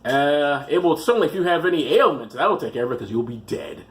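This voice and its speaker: A man's voice: on the high side, lively intonation, a little fast. Sarcastic man reading odd news. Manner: rambling, sarcastic asides. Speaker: host. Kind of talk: reading news with comic commentary.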